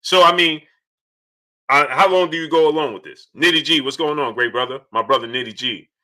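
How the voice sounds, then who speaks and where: A man with a very bright, high-leaning voice hosts a live stream. He greets his viewers one by one and argues his points in a loose, animated way, circling back over the same lines. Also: fairly quick. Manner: animated, repeats phrases, shouts out viewers. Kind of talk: casual live-stream chat reading super chats.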